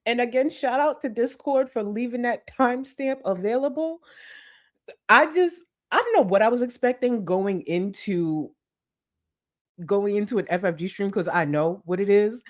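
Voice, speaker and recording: A woman host giving casual commentary on a livestream clip, talking loosely and jumping up into exaggerated exclamations. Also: moderate pace. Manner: animated, swings into exaggerated high exclamations; laughs through lines.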